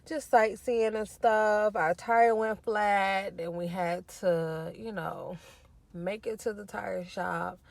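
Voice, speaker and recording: A woman's voice: mid-range voice, steady tone, slow, creaky, dry recording. A woman vlogging casually and venting her frustration with lots of swearing. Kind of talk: casual vlog check-in. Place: tire shop, then hotel.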